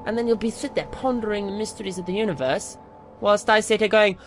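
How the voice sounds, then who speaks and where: A man's voice: high voice, fairly even intonation, fast, music in the background. A young man playing a horror game and commentating with jokes, rambling and narrating every move he makes. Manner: jokey, rambling, narrates his own moves. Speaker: let's play gamer.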